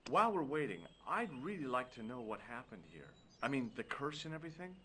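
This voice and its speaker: A wry, curious adventurer. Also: male voice, medium pitch, big pitch swings, a little fast, sharp tone, slight background noise. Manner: casual, wry, inquisitive. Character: curious young adult male adventurer, wry and laid-back. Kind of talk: video game voice acting with narration.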